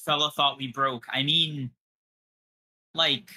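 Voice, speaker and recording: With a slightly high, bright, forceful voice, this young podcast co-host speaks slowly and in a steady tone. In casual livestream chat with viewers he trades brash, profane trash talk.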